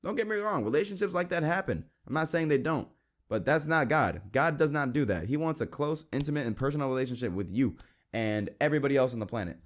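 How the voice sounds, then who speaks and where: The young man behind a Christian podcast is a fast talker with lively intonation. He comes across as earnest and conversational, reciting verses and putting on a high voice to mimic friends.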